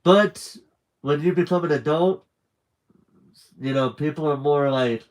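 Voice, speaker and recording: A man reading a children's book aloud on a live stream with lively, animated narration and chatty asides. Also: on the high side, a little slow, pauses often, rough recording.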